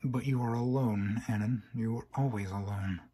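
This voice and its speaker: A man voicing a cold, taunting false female pony in a flat, husky voice. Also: medium pitch, moderate pace, lightly acted.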